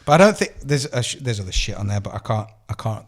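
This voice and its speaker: A man with a British accent telling an animated, profane story as a podcast co-host, acting out the dialogue. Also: on the low side, fast. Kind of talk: casual storytelling chat.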